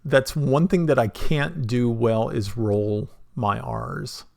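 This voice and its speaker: A man's voice: mid-range voice, slow pace, vocal fry, darkish tone, dry recording, studio quality. A man in the role of game master, narrating a tabletop game in a rambling, self-deprecating way.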